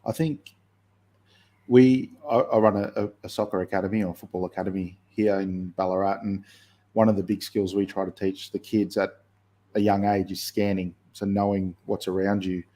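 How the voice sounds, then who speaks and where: A man co-hosting a football podcast, his voice low, dark and mellow. He speaks in a flat, even tone with little rise and fall, relaxed and conversational. He drifts through his points with easy fillers. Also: moderate pace. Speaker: podcast co-host and youth football coach. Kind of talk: casual football podcast chat.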